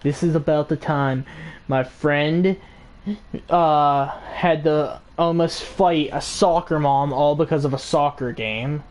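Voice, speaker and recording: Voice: mid-range voice, takes it slowly, a little mellow. Rambling, swearing casual storyteller. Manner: rambling, swearing, many fillers.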